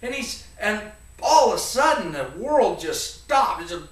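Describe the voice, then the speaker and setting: A man around forty, telling a comic story to an audience in a rambling, animated way. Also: high-pitched, unhurried. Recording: echoey room, voice from a distance.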